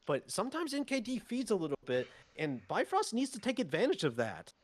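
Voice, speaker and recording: A man's voice: high voice, huge pitch swings, fairly quick. A man co-casting an esports match, breaking down the teams' play and stammering when he restarts a thought. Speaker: esports co-caster. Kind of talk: esports analysis commentary.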